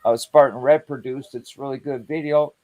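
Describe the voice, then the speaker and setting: A man chatting on a livestream, telling animated stories in a loose, slangy way. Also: mid-range voice, moderate pace, muffled recording. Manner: animated storytelling, conversational slang. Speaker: guest on a livestream. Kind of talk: casual chat.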